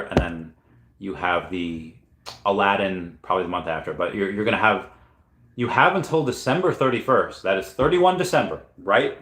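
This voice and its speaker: A man with a lowish voice talks casually on a livestream, drifting between thoughts and stopping to correct himself. The room around him is noticeably echoey. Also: a bit bright. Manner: rambling, self-correcting, thinking aloud. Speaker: channel host answering chat questions. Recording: roomy echo.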